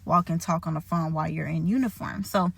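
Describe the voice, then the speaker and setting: A young woman telling a story in a casual faith vlog, chatty and animated, laughing and full of fillers. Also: low-pitched, fairly quick, vocal fry, husky, no echo. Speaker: faith vlogger.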